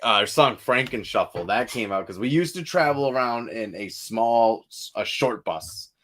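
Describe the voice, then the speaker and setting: A young man, a metal vocalist, guests on a casual podcast. He rambles and restarts, swears freely, and bursts into loud animated retellings between calmer stretches. His voice sits at an ordinary middle pitch. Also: moderate pace, slight background noise.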